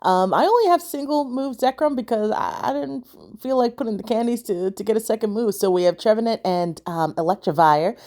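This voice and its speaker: A woman talks through her game matches in a loose, chatty way, often unsure and thinking aloud with plenty of fillers. Her pitch moves up and down in a lively way. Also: brisk. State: sleepy, yawning. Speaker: gaming channel host. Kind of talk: casual gameplay commentary.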